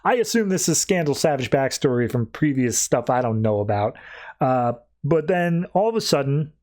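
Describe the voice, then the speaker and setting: A man's voice: mid-range voice, very animated, normal speed, darkish tone. A man hosting a podcast, recapping comics in a chatty way with plenty of fillers. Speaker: podcast host. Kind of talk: casual comic book recap.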